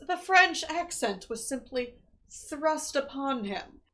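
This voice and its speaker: A woman's voice: sits high, animated, measured pace, fairly bright tone. Wry woman podcast co-host. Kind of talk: casual movie recap chat.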